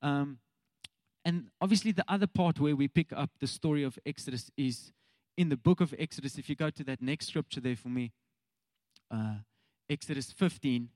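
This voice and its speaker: A man's voice: a little high, moderate pace, darkish tone, dry recording. A man in his thirties with a South African accent, preaching a casual, chatty sermon straight to the congregation. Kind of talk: conversational sermon.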